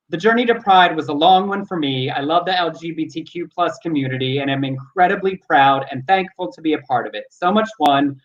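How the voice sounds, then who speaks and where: Man, co-host reading news, brisk, slightly high voice, dull lo-fi audio. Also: fairly bright tone. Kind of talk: reading news items on a live show.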